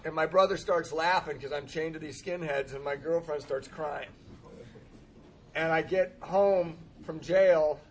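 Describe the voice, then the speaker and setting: A man's voice: a little high, a little hiss or hum. Self-mocking man telling a rowdy story. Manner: self-deprecating, laughs often, acts out dialogue. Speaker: speaker sharing a recovery story. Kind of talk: storytelling talk with humor.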